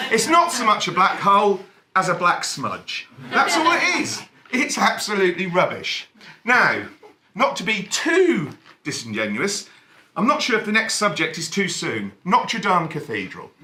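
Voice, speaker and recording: Male stand-up, wry deadpan turning animated, high bright voice, faint room ambience behind. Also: unhurried, echoey room, a little hiss or hum. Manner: wry, deadpan delivery with sudden animated outbursts. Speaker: stand-up comedian. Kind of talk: stand-up comedy set. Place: cabaret bar venue, echoey room.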